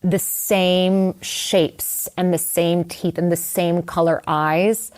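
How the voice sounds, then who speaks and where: Middle-aged woman writer, interview guest, candid storyteller, slightly low voice. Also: little pitch movement, takes it slowly, darkish tone. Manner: candid, conversational, lots of fillers and asides.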